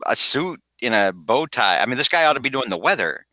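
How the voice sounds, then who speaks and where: A man hosting a podcast, retelling a comic book story in a rambling, animated way and slipping into quoted voices. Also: medium pitch, a little fast, dry recording, poor audio. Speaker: podcast host. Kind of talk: casual comic book recap.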